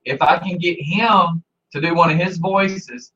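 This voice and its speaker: Bright, high-voiced male radio host. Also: normal speed, hardly any pauses, far from the mic, highs cut off. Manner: explaining, coaching others. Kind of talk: casual studio chat.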